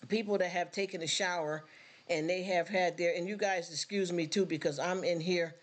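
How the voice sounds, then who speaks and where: A woman's voice: on the low side, fairly even intonation, normal speed. Woman on a livestream just chatting, rambly and earnest, keeps asking if u get what she's saying. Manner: rambling, earnest, talks straight to viewers; emotional, near tears when thanking viewers. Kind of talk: casual livestream chat.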